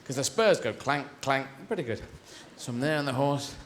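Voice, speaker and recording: A man's voice: medium pitch, lively intonation, moderate pace, slight background noise. A man doing stand-up comedy on stage, talking animatedly and jumping between voices. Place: large theatre stage. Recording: echoey live theatre recording.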